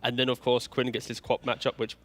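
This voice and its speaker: A man breaking down a match as an esports desk analyst, talking fast and joking with his co-hosts. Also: medium pitch. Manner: fast, animated, banter-prone. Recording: faint music behind.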